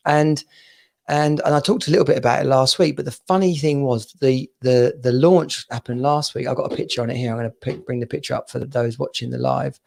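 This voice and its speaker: A man's voice: mid-range voice, fairly even intonation, brisk, vocal fry, darkish tone. A man co-hosting a podcast in casual chat, rambling and repeating words, with frequent laughs, over a video call. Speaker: podcast co-host.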